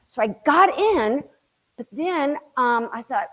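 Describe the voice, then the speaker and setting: A middle-aged woman giving a casual slide talk to an audience, chatty and animated, acting out quoted voices as she tells a story. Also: on the high side, normal speed, low-quality recording.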